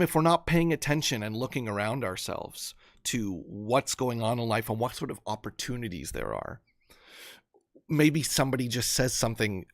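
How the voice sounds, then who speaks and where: A man's voice: mid-range voice, fairly bright tone, no room sound. A man hosts a motivational live stream in an earnest, storytelling way. His voice sits mid-range. The sound is dry and close, with no room. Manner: earnest, storytelling, many restarts. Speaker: host.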